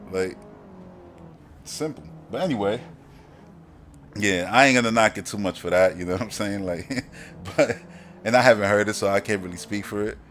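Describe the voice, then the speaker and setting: A man's voice: lowish voice, fairly bright tone. A man with a Brooklyn accent, hosting a casual live-stream chat in a slangy, rambling way and laughing often. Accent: Brooklyn, New York. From Brooklyn, New York. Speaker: podcast host.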